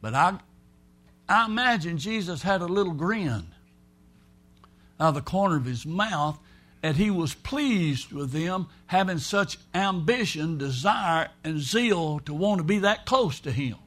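A man with a high-pitched voice preaches a sermon. He talks in a folksy, emphatic way and slips into the voices of the people he quotes. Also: animated, a little slow, a bit bright.

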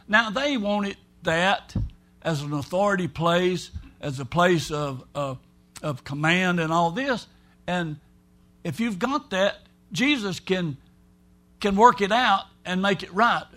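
A man's voice: high voice, expressive, slow, fairly bright tone. A man preaching a sermon in a folksy, emphatic way, acting out the voices of people he quotes.

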